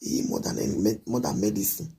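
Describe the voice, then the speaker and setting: A man's voice: fairly low pitch, expressive, fast talker, creaky, warm tone, husky. A man giving a repetitive, scolding late-night monologue to his viewers on a live video.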